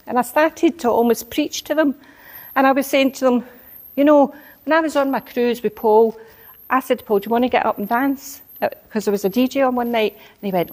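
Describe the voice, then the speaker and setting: A woman's voice: a little high, quick pace. A woman preaching a sermon, telling a personal story and building into emphatic exhortation.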